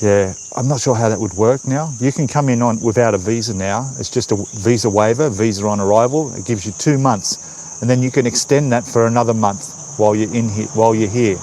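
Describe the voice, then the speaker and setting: A man's voice: on the low side, brisk, warm tone, slight background noise. An Australian man hosting a casual livestream outdoors, reading out viewer comments in a chatty way and talking into a phone camera. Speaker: livestream host. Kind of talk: casual live-stream chat. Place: outdoors by a roadside in the countryside. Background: birds and insects outdoors.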